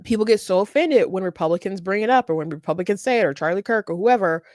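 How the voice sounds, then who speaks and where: A woman's voice: mid-range voice, lively intonation, quick pace, a little mellow, no room sound, studio quality. A woman hosting a political commentary show, talking casually and emphatically, repeating phrases and laughing often.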